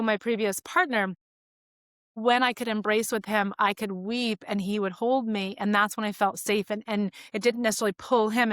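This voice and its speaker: A woman in her forties speaks as a podcast guest, open and reflective as she tells personal stories. Her voice sits at a middle pitch. The recording is dry, with no room sound. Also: a bit bright, no echo. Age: 40s. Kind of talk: casual conversation.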